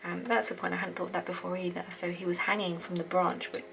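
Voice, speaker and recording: A woman's voice: fairly low pitch, level tone, fast talker, noisy background. Heartfelt woman reading scripture over music. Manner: earnest, heartfelt, thinking aloud. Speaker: Bible study host. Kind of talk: reading scripture aloud and commenting. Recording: clear background music under the voice.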